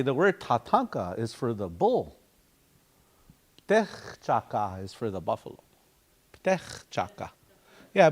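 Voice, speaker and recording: A man teaching a language class, patiently repeating words and breaking them into syllables for his students. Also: mid-range voice.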